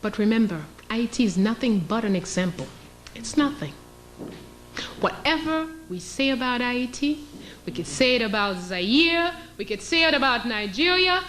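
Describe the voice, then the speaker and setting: A woman's voice: high-pitched, sharp tone. A woman, a historian giving an emphatic, sarcastic lecture and putting questions to her audience. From Haiti. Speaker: historian and teacher.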